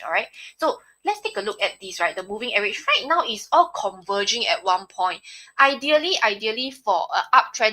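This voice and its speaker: A woman's voice: a little high, pushed and bright. A young woman with a Singaporean accent walking viewers through stock charts on a live stream, checking in often with "right?". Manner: explanatory, frequent "right?" tags. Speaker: trading analyst on a live stream.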